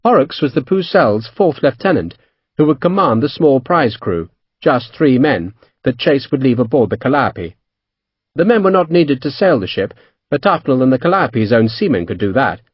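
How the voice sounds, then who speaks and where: Husky-voiced man reading an audiobook. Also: medium pitch, very animated, moderate pace, no echo, highs cut off. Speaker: audiobook narrator. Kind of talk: scripted narration.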